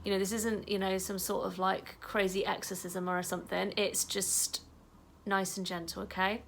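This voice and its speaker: A woman leading an EFT tapping session in a casual, chatty way, saying the affirmations softly and trailing off into a whisper. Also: mid-range voice, level tone, normal speed, creaky, a little hiss or hum. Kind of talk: guided tapping instruction.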